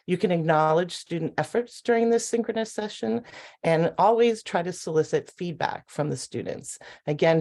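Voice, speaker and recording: A woman's voice: low-pitched, darkish tone. A woman presenting on a video call webinar, friendly and conversational, chuckling now and then.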